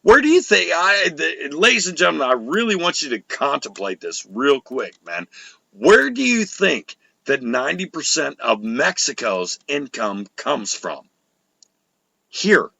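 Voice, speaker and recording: A man's voice: a little high, very animated, slow, vocal fry, long pauses, bright, forceful tone, no room sound, poor audio. A man hosting a live show, ranting with heat and sarcasm and plenty of swearing. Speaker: show host. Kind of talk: profane live political rant.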